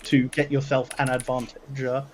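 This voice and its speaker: A man narrating a tabletop game as game master, pausing often with fillers and restarts. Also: medium pitch, completely flat delivery, a little mellow, a little hiss or hum, poor audio. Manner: halting, many fillers and restarts.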